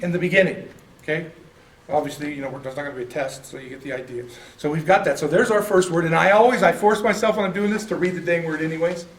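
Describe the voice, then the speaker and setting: A folksy American man leads a casual church class, wandering through his points and correcting himself as he goes. His voice sits a little high. He is picked up from a distance in an echoey room. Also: a little hiss or hum. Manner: rambling, self-correcting, folksy. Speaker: Bible class teacher. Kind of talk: informal classroom teaching.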